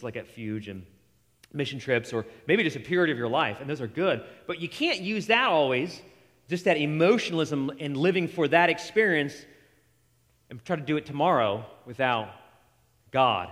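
A man in his forties delivers a sermon with a somewhat higher voice than most men. He tells the story in a casual, animated way and acts out the lines of the people in it. The sound rings with a long reverb, as in a church hall. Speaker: pastor.

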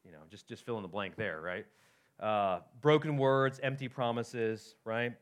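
A pastor with a lowish voice preaches at a measured pace, speaking casually to his congregation. He often checks in with "right?" and reads scripture aloud.

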